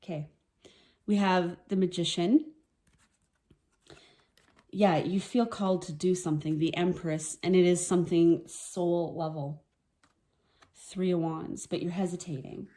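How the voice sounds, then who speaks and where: Woman tarot reader, mellow dark voice, emotional and sniffly, casual reflective delivery. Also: on the low side, steady tone, unhurried, pauses often. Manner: soft-spoken, emotional, reflective, with sniffles and laughs. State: teary, sniffling. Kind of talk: casual tarot reading to camera.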